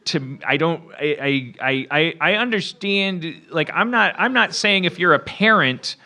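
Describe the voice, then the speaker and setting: A man's voice: fairly high pitch, animated, unhurried, bright, forceful tone. A man hosting a comedy podcast, ranting in exasperation with stammering restarts. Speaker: podcast host. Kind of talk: casual comedy chat.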